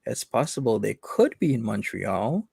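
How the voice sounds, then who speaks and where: Gravelly man, lively and wry. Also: lowish voice, normal speed, no room sound, clean studio sound. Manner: wry, reads viewer comments aloud. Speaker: host. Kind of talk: casual commentary chat.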